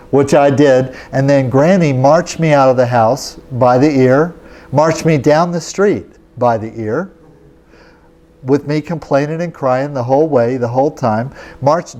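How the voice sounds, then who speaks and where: A man's voice: medium pitch, dark tone. A man, a yoga teacher, telling a personal story in a casual, chatty lecture, often checking in with his listeners.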